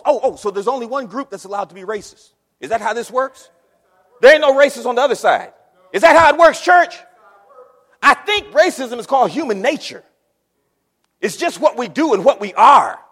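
A man preaching a sermon in a church, swinging from loud shouts to low murmurs. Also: animated, moderate pace, long pauses. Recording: long reverb of a large hall.

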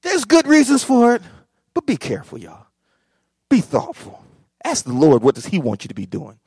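Preacher man, kinda high voice, dry close sound, gets loud and fired up then drops quiet. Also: wildly swooping pitch, normal speed, slightly rough, dry recording. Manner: fervent preaching, swings from quiet to shouting; repeats phrases, calls out to congregation. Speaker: pastor. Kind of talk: sermon.

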